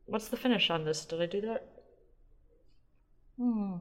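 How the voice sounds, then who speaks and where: A woman's voice: mid-range voice, unhurried, a bit bright. A woman hosting a wine podcast alone at home, talking in a chatty, rambling, self-deprecating way, swearing now and then as she gushes. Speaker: podcast host. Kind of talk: casual solo wine podcast chat. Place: home kitchen.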